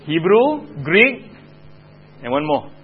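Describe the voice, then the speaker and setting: A chatty man with a Singaporean English accent leads a children's Bible class, his voice a little high and swinging lively up and down as he quizzes the room. The recording is muffled and lo-fi, with a faint hum underneath. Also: takes it slowly. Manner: chatty, asks the class questions.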